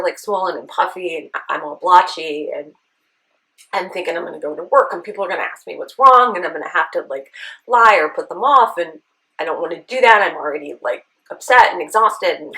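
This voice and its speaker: A woman with a lowish voice tells a personal story to her camera in an earnest, searching way. She often checks in with the listener, and her voice stays close to tears. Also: bright, forceful tone, low-quality recording. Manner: earnest, tearful at times, with rhetorical "right?". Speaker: beauty vlogger.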